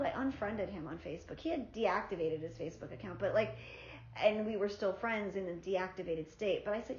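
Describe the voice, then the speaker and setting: A woman vlogger from South Florida telling a personal story in a candid, profane, animated way. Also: medium pitch, fairly quick. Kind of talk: casual storytelling. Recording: roomy, slightly dull sound.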